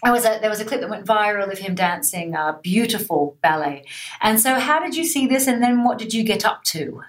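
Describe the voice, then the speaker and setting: A woman runs a casual interview, chatty and excitable with the odd casual swear. She sounds set back from the microphone. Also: medium pitch, fairly quick, distant mic.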